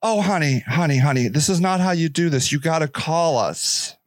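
A man voicing a condescending shelter worker who speaks slowly and soothingly while coldly turning someone away. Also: a little high, expressive, dry recording, clean studio sound, voice pushed down, natural voice. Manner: patronizing, slow, soothing yet cold.

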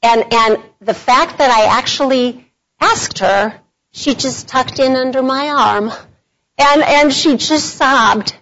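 A middle-aged woman gives a devotional talk to women, her voice a little high. She tells stories in a chatty way and laughs often. The conference recording sounds dull and lo-fi. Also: slow. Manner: storytelling, warm and chatty with laughs. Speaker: workshop speaker. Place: meeting room at a conference.

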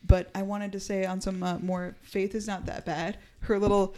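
A podcast co-host in casual chat, enthusiastic and laughing, full of quick asides. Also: medium pitch, little pitch movement, warm tone.

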